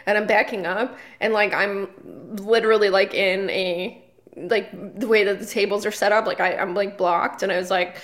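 A woman's voice: medium pitch, fairly even intonation, moderate pace. A woman comedian co-hosting a podcast, telling a story in a rambling casual way with lots of fillers and restarts. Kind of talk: casual chat.

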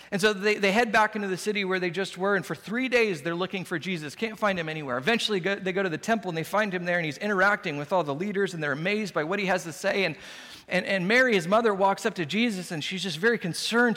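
A man's voice: high voice, quick pace, bright, forceful tone. A man preaching a sermon as pastor, conversational and humorous. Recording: long hall reverb.

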